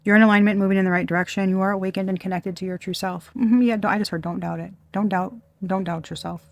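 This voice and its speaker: A woman's voice: mid-range voice, fairly even intonation, fast talker, vocal fry, dry recording. A woman giving a casual, channeled tarot reading, blunt and profane, often breaking off mid-sentence and laughing. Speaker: tarot reader.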